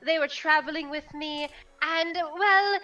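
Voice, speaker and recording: A woman's voice: high-pitched, measured pace, bright, forceful tone, muffled recording, soft background music. A woman voicing an emotional, tender young man adventurer who gushes through tears, from a distant mic. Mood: tearful joy. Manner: tearful, gushing.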